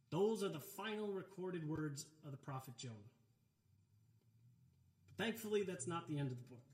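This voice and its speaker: A man's voice: fairly high pitch, animated, normal speed, long pauses. A male pastor preaching a sermon in a conversational style, with relatable asides and casual filler words. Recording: roomy, echoey hall.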